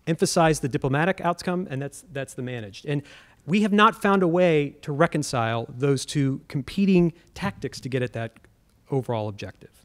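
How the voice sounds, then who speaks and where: Earnest man with a higher voice, debating. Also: animated, normal speed. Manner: earnest, with frequent fillers and restarts. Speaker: debate panelist, former government official. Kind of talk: public policy debate.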